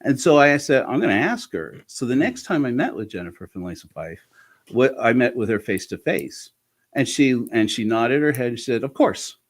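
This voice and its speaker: A man of ordinary pitch speaking as an interview guest. He tells his stories candidly and with animation, often stopping and restarting sentences as he goes. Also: moderate pace. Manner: frank, animated, with frequent restarts. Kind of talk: candid conversational storytelling.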